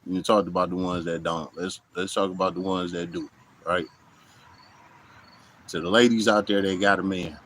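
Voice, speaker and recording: A man's voice: deep voice, steady tone, moderate pace, pauses often, a bit bright, slight background noise, poor audio. A man in a casual monologue to camera, blunt and profane, often saying "you know what I'm saying", recorded outdoors. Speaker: vlogger. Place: outdoors in hot weather.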